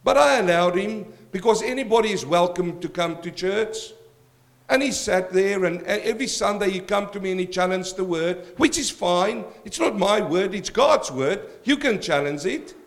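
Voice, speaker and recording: A man's voice: high-pitched, lively intonation, moderate pace, creaky. A man preaching a verse-by-verse sermon as pastor, emphatic and direct, addressing his congregation.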